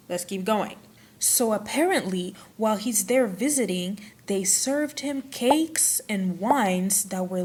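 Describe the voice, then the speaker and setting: A young woman hosting a casual history vlog, retelling events with dramatic flair and playful asides. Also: mid-range voice. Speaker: history vlogger.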